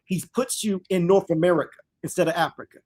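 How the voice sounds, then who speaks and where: A man hosting a live scripture study discussion. He reads verses slowly and calls out to listeners as "y'all," repeating his phrases as he teaches. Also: sits high, a little mellow.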